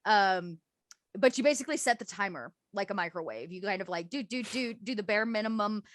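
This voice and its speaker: A woman's voice: medium pitch, expressive, a little fast, no room sound, studio quality. A woman running a tabletop game as game master, explaining rules and scenes casually with lots of fillers.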